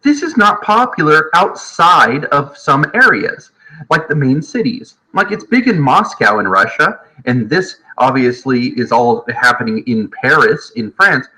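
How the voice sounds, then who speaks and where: A man teaching history from home in a casual, jokey lecture, often slipping into quick voices of historical people. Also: mid-range voice, lively intonation, bright, forceful tone, low-quality recording.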